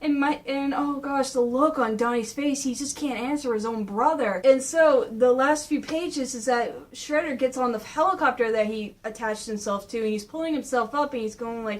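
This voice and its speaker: A woman casually recapping a comic, excitable and gushing, rambling as she goes. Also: high voice, normal speed, hardly any pauses. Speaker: comic reviewer.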